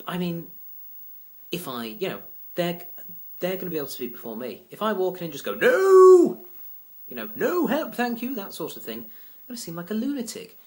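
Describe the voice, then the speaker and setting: A man rambling through a casual vlog rant, exasperated and self-deprecating. His pitch swings widely as he goes. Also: sing-song, brisk, pauses often. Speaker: vlogger. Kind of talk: casual venting monologue.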